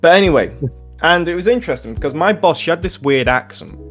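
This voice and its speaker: A man's voice: fairly high pitch, expressive, fast, soft background music. A young man from England, co-hosting a podcast and telling casual anecdotes, swearing and laughing often. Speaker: podcast co-host. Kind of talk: casual storytelling chat.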